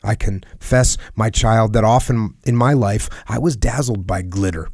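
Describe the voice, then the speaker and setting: A man reading a personal letter aloud in a solemn, earnest and measured way, sometimes dropping to a hush. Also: fairly low pitch, no room sound, studio quality. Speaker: reader of a letter.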